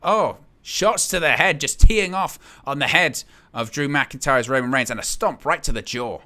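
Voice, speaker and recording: Guy doing live wrestling play-by-play, bright punchy voice, yells at big hits. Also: a little high, moderate pace. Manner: excitable, exclaims at big hits, reads chat aloud. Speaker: wrestling watch-along host.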